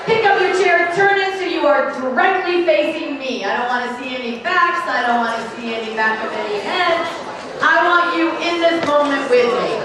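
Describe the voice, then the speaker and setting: A woman's voice: sits high, normal speed. Upbeat woman hyping a hall crowd. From Atlanta, Georgia. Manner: upbeat, playful, leads crowd call-and-response. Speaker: guest speaker. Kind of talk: energetic motivational speech. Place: large convention hall. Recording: echoey hall from far off, noisy crowd.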